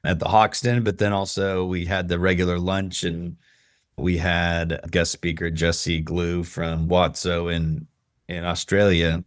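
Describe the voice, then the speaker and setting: A man hosting a podcast, chatting casually and telling lively stories. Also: sits low, measured pace, dry recording, studio quality. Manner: chatty storyteller, animated when laughing. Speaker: podcast host. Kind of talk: casual conversation.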